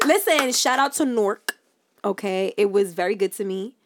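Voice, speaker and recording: A woman from Brooklyn, co-hosting a casual chat podcast in an animated, playful way. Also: medium pitch, moderate pace, heavy background noise. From Brooklyn, New York. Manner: animated, playful, loud bursts of excitement. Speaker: podcast co-host.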